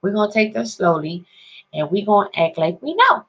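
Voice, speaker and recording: A woman's voice: medium pitch, sing-song, a little fast, fairly bright tone, lo-fi sound. A woman ranting to her viewers in a casual, profane vlog, rambling in street slang and constantly asking if they understand. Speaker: vlogger.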